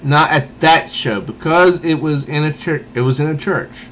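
A man's voice: on the high side, normal speed, a bit bright, slight background noise, rough recording. A man reviewing a comic book in a casual, meandering way, thinking aloud as he goes.

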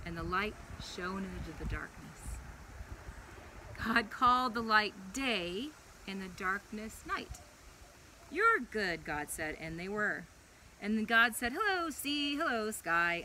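Woman, young, preschool chapel leader, playful storybook reading to kids, very bright ringing voice. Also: medium pitch, a little hiss or hum, low-quality recording. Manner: animated storyteller, playful and lively.

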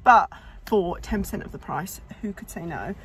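A woman's voice: mid-range voice, expressive, normal speed, a bit bright. A young woman chatting to camera in a rambling vlog, slightly out of breath. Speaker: vlogger. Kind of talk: casual chat to camera. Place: indoors at home, later in a parked car.

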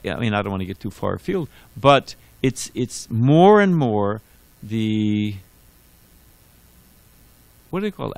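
In a temple hall, a man with a mid-range voice gives a scripture class as a sermon, recorded without echo. He tells it like a conversational, wandering story, full of restarts and asides.

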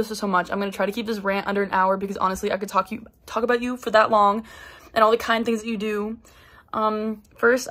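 Bubbly young woman gushing with praise. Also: mid-range voice. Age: young adult. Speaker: college student giving a tribute. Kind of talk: recorded video message.

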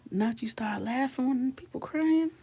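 A woman in her thirties with a high-pitched, husky voice hosts a live coloring stream at an unhurried pace. Soft-spoken, she chats casually and laughs with viewers, often drifting into a whisper.

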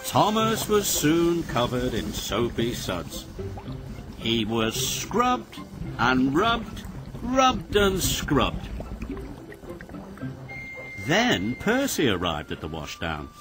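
Brief: male storybook narrator, slow and sing-song, music bed behind. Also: mid-range voice. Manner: sing-song, expressive reading.

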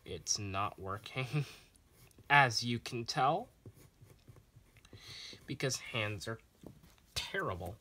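Slow, bright-voiced man rambling while drawing. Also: mid-range voice, lively intonation, slightly rough. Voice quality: sarcastic-sounding voice. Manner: rambling, self-deprecating, apologetic asides. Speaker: artist vlogger drawing on camera. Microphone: phone recording.

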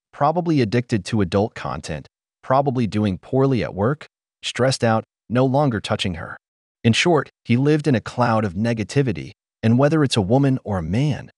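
A man delivers opinion commentary in a lecturing, blunt way. His pitch swings a great deal as he preaches, and the recording is close and dry, with no room sound. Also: no echo.

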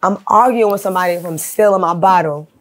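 A woman from Queens, a guest rapper telling a story in a casual interview. She talks in a profane, animated way and acts out the voices of the people she quotes. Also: lowish voice, fairly quick. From Queens, New York.

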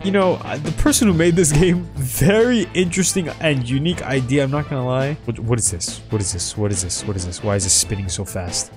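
A man doing excitable, chatty commentary on the games he plays as a gaming YouTuber. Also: on the high side, brisk, over music. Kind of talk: gameplay commentary.

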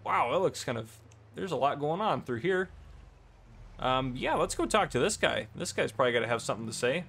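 Easygoing gravelly man narrating gameplay. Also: mid-range voice, expressive, a little fast, a bit bright. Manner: easygoing, rambling with many fillers. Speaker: gameplay channel host. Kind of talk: casual gameplay commentary.

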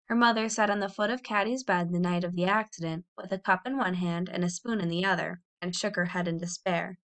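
A woman reading a children's novel aloud in a clear, expressive storytelling voice. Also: on the low side, fairly quick. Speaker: audiobook reader.

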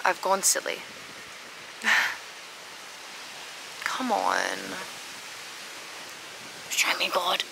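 A woman's voice: medium pitch, wildly swooping pitch, drawn-out words, creaky, long pauses, background noise. An Australian woman vlogging outdoors by a harbour, gushing and rambling with lots of "like" fillers. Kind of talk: casual outdoor vlog.

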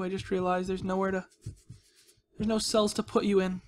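At a moderate pace and with little pitch movement, a high-voiced man provides casual Minecraft let's-play commentary as a gaming video host. He's jokey and playful, talking baby-talk to villagers, with faint noise in the background.

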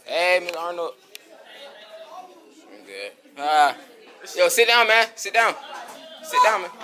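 Young male vlogger, animated and teasing, handheld phone camera in a crowded hallway. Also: high voice, slow. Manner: loud, laughing, teasing. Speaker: vlogger filming at school. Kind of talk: casual chat. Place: busy school hallway. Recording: phone video, loud crowd around.

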